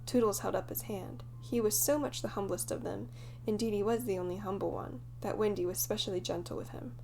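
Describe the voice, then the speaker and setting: A woman's voice: mid-range voice, a little fast, gravelly, a little hiss or hum. Woman narrating a classic children's story. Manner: lively storytelling, voicing each child. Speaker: audiobook narrator. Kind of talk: scripted narration.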